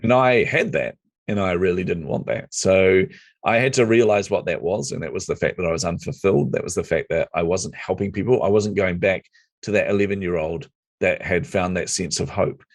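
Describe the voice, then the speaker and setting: A middle-aged man, a podcast guest telling his story with lively acted-out dialogue. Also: low voice, a little fast, no echo, clean studio sound. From New Zealand. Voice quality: lively storyteller who acts out quoted dialogue. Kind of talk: casual storytelling interview.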